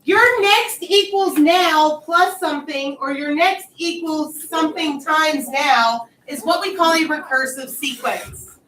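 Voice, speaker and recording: A woman's voice: high voice, slow, pushed and bright, slight background noise. A woman teaching a math class, explaining each step patiently, recorded from across an echoey classroom. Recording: echoey classroom, far mic.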